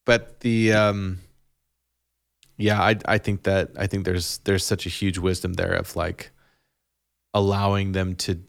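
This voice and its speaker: Laid-back low-voiced dad rambling. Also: male voice, flat delivery, a little slow, creaky, pauses often, clean tone. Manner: rambling, laughs often, restarts. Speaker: podcast co-host. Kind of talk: casual conversation about parenting.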